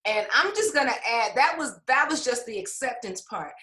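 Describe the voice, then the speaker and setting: A woman's voice: fairly high pitch, animated, moderate pace, bright, forceful tone, reverberant, rough recording. A woman author and English professor telling her publishing story in an interview, emotional and laughing often, with frequent fillers. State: tearful at times.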